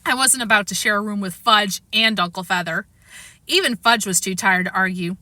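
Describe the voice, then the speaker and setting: Bright, expressive woman reading aloud. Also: mid-range voice, normal speed, no echo. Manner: expressive, storytelling. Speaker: audiobook reader. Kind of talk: reading a children's chapter book aloud.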